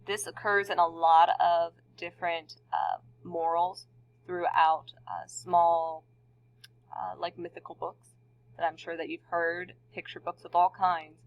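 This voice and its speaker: A woman's voice: lowish voice, little pitch movement, unhurried. A woman teacher giving a recorded lesson to her students in a conversational way, asking the class questions. The recording sounds dull and lo-fi.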